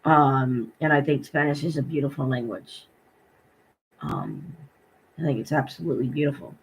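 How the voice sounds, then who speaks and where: A woman's voice: extremely low pitch, very animated, normal speed, vocal fry, slight background noise, low-quality recording. A middle-aged woman talking in a personal vlog, emotional and hurting, rambling with many fillers as she retells her day. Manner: rambling and heartfelt, full of fillers and retold dialogue. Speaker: vlogger.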